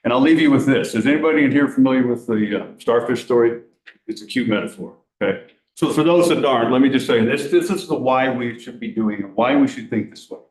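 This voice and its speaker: Fast-talking earnest man in an echoey room. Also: medium pitch, a little mellow. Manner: earnest, rhetorical, asks the audience questions. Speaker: law enforcement speaker. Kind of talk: public presentation at a council meeting.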